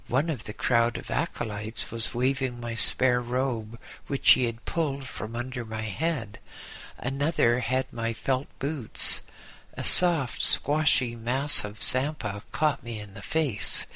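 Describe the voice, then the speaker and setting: Man reading a story out slow, really bright clear voice, dry close sound. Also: mid-range voice, no room sound. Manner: measured storytelling with voiced dialogue. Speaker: audiobook narrator. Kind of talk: scripted narration.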